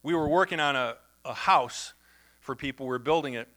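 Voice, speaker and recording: A middle-aged man, possibly a pastor, gives a conversational, anecdotal sermon, telling stories and acting out the voices of the people in them. His mid-range voice is fairly bright and a little fast.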